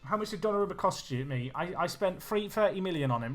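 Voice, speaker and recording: A young man chatting with his viewers while he plays, excitable and casual. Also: a little high, a little fast, few pauses. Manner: chatty, excitable, talks to chat. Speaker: streamer. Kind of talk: live game commentary and chat. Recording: faint music behind.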